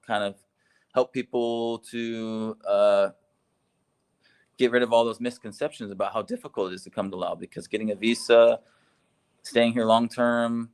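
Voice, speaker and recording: A man talking in a casual, upbeat way and laughing easily in a relaxed chat. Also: lowish voice. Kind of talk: casual video call chat.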